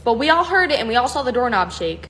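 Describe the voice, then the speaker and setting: A woman's voice: on the high side, very animated, fast, a bit bright, a little hiss or hum. A text-to-speech woman's voice telling a spooky story in a casual, blunt manner full of slang.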